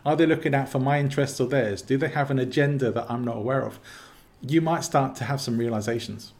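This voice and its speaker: A man with an English accent, explaining his views as an interview guest in a calm, measured way. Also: medium pitch. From England. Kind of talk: casual interview talk.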